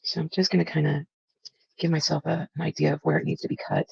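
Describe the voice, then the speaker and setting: Chatty craft lady, gravelly fry in her voice, dry close sound, talks thru every step. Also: deep voice, level tone, quick pace, a little mellow, dry recording, lo-fi sound. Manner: chatty, talks through each step with filler words. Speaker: craft vlogger. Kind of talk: casual crafting tutorial.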